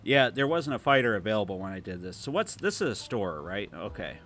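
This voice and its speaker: A man's voice: lowish voice, very animated, a little fast, a bit bright. A man with a Toledo, Ohio accent hosting a casual gameplay livestream, chatting loosely and reading viewer comments aloud. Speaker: livestream host.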